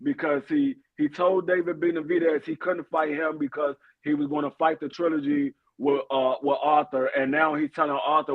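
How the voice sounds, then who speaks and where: A man calling into a sports talk stream, animated, acting out what boxers say. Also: fairly high pitch, normal speed, few pauses, no room sound. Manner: animated, acts out quotes. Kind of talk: casual sports debate. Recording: tinny phone line.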